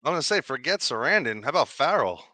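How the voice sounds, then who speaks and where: A man's voice: medium pitch, big pitch swings, quick pace, pushed and bright, no room sound. A man co-hosting a podcast in casual chat, talking films with stumbling restarts. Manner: film-buff talk with stumbling restarts. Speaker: podcast co-host.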